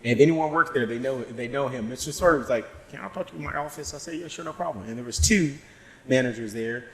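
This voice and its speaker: A man in his thirties from Tennessee, telling a story on a casual podcast, animated and swearing freely as he acts out quotes. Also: mid-range voice, fast talker. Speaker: podcast co-host. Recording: echoey room.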